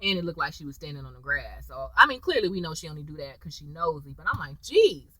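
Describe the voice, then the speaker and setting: A woman casually recapping a TV episode, acting out the characters' lines in a lively, chatty way. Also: low voice, fast, low-quality recording. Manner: animated, acts out characters' lines. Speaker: TV episode reviewer.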